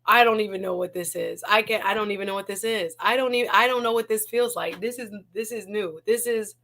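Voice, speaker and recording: A woman's voice: medium pitch, fairly quick, a bit bright. A woman hosting a casual livestream, talking emotionally, laughing often and repeating her words. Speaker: livestream host.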